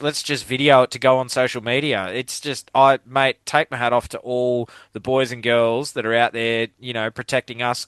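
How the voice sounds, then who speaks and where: A man's voice: medium pitch, a bit bright, smooth, no room sound. A middle-aged Australian man hosting a podcast in a laid-back, casual way, calling his guest "mate" all the time. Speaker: podcast host. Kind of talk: casual interview chat.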